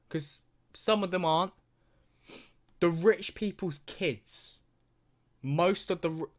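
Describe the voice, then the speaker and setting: A young man ranting through a reaction video, swearing constantly and mocking what he sees. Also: a little high.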